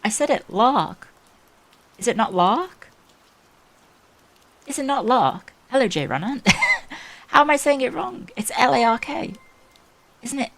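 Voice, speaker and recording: A woman's voice: fairly high pitch, animated, unhurried, long pauses. A woman streamer chatting casually with her viewers, greeting them by name and laughing easily. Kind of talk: casual live-stream chat.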